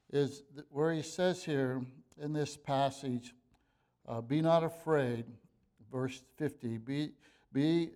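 An earnest man delivers a sermon in a fairly high but mellow voice. He reads scripture in a steady way, then explains it with filler words, restarts and sudden emphatic bursts. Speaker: preacher. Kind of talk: evening sermon reading and expounding scripture.

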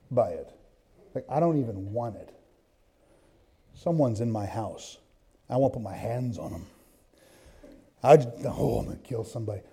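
A man preaching a sermon, telling a story and then reading scripture, swinging from hushed asides to loud bursts. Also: medium pitch. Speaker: pastor.

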